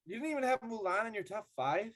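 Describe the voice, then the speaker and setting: A man co-hosting a casual podcast, trading quick, animated banter. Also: high voice. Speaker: podcast co-host.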